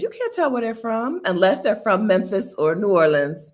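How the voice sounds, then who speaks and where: Host, woman in her fifties from Delaware; emphatic casual commentary, lively swooping pitch, laughs often. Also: normal speed. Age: 50s.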